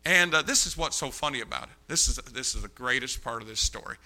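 Bright, gravelly-voiced man preaching. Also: mid-range voice, fast. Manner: animated storyteller, acts out dialogue; emphatic preaching, repeats key points. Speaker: pastor. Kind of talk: sermon with storytelling.

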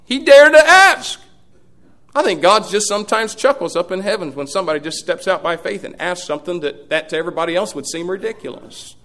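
A middle-aged man preaching a sermon as pastor, folksy, swinging from loud peaks to hushed asides. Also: high voice, fast talker, hardly any pauses.

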